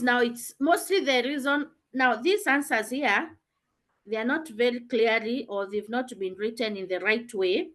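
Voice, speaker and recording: Woman teacher on a video call, explains and questions students, slightly high pitch. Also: pushed and bright. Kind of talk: online revision class.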